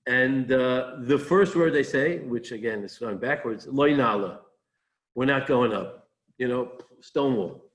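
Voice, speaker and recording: A man, a rabbi, giving a Torah talk, animated and rising sharply when quoting mockery, with frequent restarts and repeated words. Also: medium pitch, measured pace.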